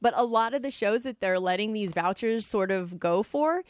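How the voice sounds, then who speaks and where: A woman co-hosting a casual chat show, talking quickly and laughing often. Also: medium pitch, expressive, no echo, studio quality. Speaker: co-host.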